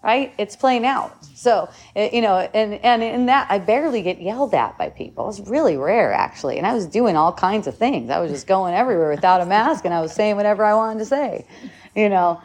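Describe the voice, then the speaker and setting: A woman's voice: mid-range voice, expressive, fairly quick. A middle-aged woman giving a casual spiritual talk, rambling and repeating her words as she goes. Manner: rambling, repeats words, acts out shouts and quotes.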